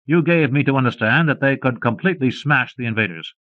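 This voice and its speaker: A man reading an audiobook, voicing a scheming male billionaire who rises to shrill shouting when cornered. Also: fast talker, no room sound, natural voice. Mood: complaining. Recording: dull lo-fi cassette audiobook.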